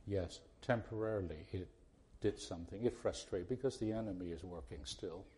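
A man with a deep, warm voice preaches to a congregation at a moderate pace. His manner is earnest and pleading, full of repeated restarts that climb into forceful pleas.

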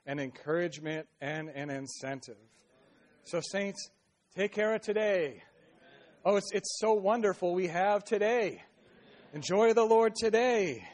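A man preaching a sermon, reading verses slowly and then exhorting earnestly with many restarts and "right?" tags. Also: a little high.

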